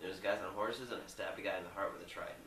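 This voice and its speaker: A man's voice: sits low, fairly even intonation, rapid-fire, a bit bright, reverberant, recorded from a distance, a little hiss or hum, poor audio. A young man loosely retelling a movie plot, rambling with lots of filler words. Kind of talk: rambling casual movie recap.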